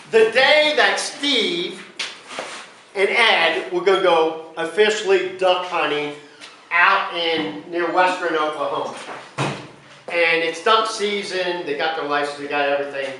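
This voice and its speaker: A middle-aged man telling rambling, animated anecdotes in a casual storytelling style. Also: sits high, slight background noise. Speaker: house leader of a ministry. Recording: echoey room, mic at a distance.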